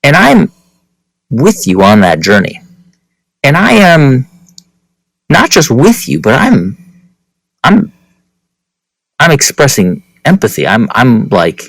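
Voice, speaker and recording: Lively male guest in a dry studio. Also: medium pitch, slow pace, long pauses, no echo, rough recording. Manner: animated storyteller, acts out quotes. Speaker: podcast guest, interviewer of founders. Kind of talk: conversational interview.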